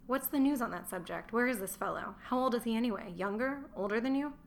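A woman reading the lines of a gruff, middle-aged Roman merchant who is contemptuous of his wife, in a scornful, grumbling manner, as an audiobook character voice. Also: a little high, quick pace, slight background noise, close to an everyday voice.

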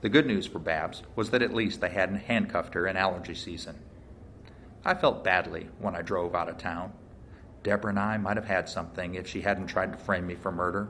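Dude reading a mystery audiobook, lowish voice, deadpan jokes. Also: male voice, fairly quick, a little hiss or hum. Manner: dry, wry storytelling. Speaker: narrator. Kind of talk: first-person audiobook narration.

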